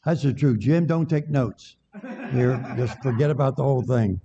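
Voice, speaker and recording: A mid-range, moderately paced voice with vocal fry and a dark tone belongs to an older guest preacher. He jokes and banters with the congregation through a folksy sermon, captured in a dull, echoey sanctuary.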